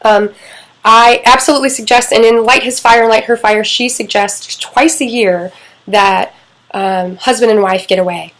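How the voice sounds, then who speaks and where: This fairly high, somewhat bright female voice keeps a fairly even intonation at normal speed, captured on a rough recording. She's a middle-aged relationship coach speaking casually and candidly, cursing freely and performing quoted lines.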